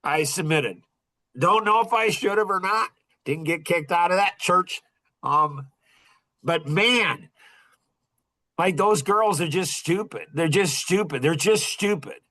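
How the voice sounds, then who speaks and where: A middle-aged man hosting a podcast, telling a story in a casual, animated and heated way, with many restarts. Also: high-pitched, takes it slowly. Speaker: podcast host.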